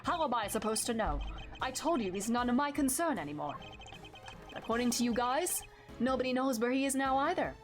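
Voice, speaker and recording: A woman's voice: on the high side, sing-song, fairly quick. A woman voicing a smug older chef culprit. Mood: dismissive. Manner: gloating, then bitter and defensive. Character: scheming older male dessert chef, smug. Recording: game music behind the voice.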